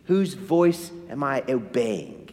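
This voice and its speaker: In a church with hall reverb, a man with a medium-pitched voice preaches a sermon at a slow pace. He's animated, posing questions to the congregation and answering them himself.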